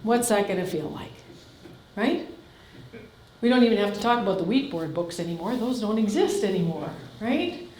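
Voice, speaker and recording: A woman's voice: mid-range voice, expressive, normal speed, a little mellow, slight background noise. Canadian woman coach talking straight to a crowd, pushy questions, echoey hall sound. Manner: blunt, direct, peppers audience with questions. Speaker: farm family coach. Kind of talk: live seminar presentation.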